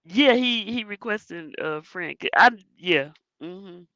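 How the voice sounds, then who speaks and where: A woman hosting a relaxed group chat, her voice swinging up and down as she laughs through her stories. She talks slowly and loosely, with plenty of slang. The sound is dry and a little muffled. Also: medium pitch, no room sound. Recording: muffled lo-fi audio.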